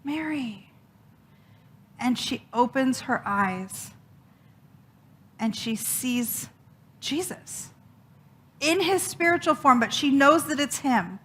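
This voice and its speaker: High, bright-voiced woman preacher telling a story. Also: slow pace, pauses often. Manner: dramatic, expressive storytelling with emphatic repeats. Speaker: minister. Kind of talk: sermon storytelling.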